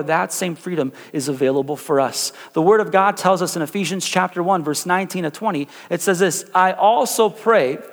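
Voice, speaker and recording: A young man preaching in a church, his voice a bit high for a man. He tells stories loosely, with many fillers and restarts, then lifts into full preaching. A long hall reverb trails every phrase. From Chicago area. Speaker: pastor. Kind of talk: sermon.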